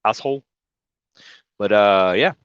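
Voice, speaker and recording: A man's voice: on the low side, measured pace, a bit bright, clean tone, dry recording, muffled recording. A man driving a truck, chatting casually on a livestream, rambling, swearing and greeting viewers by name. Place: inside his truck cab. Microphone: phone.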